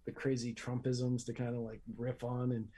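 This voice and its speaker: Podcast co-host, warm mellow voice, earnest and emphatic. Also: male voice, mid-range voice, completely flat delivery, normal speed. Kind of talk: casual chat.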